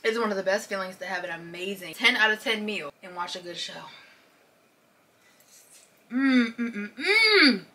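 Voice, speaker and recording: Bright-voiced chatty young woman vlogging. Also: medium pitch, quick pace, few pauses, slight background noise. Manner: chatty, calls viewers "girl" and "y'all". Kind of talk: casual chat to camera. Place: home, kitchen and bedroom.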